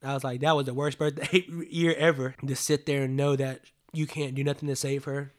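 A man's voice: medium pitch, little pitch movement, fairly quick. A man in his late twenties telling a personal story in a casual, rambling way, leaning on "like" and swearing freely. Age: 20s.

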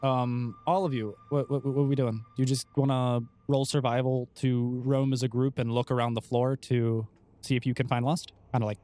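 A man's voice: mid-range voice, flat delivery, moderate pace, warm tone. A man narrating as game master for a tabletop game, rambling and playful, with many fillers and restarts.

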